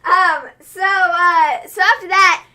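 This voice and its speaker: A woman's voice: very high-pitched, fairly even intonation, slow pace, pushed and bright. A young woman co-hosting a casual livestream recap, giggling often and teasing, trailing off into fillers. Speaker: wrestling livestream co-host.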